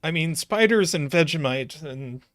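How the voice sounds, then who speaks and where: A man's voice: a little high, expressive, unhurried, a bit bright, no echo. A man hosting a live puzzle stream, joking with his chat and thinking aloud while he solves.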